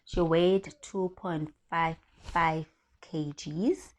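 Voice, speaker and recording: A woman's voice: low voice, very slow. A young South African woman with a South African accent, a vlogger telling a personal story in casual chat and acting out the dialogue. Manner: lively, animated, acts out dialogue.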